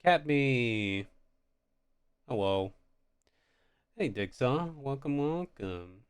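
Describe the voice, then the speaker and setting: A man's voice: medium pitch, lively intonation, drawn-out words, clean tone, no room sound. A man with an American accent chatting casually on stream while drawing, playful and crude, laughing easily.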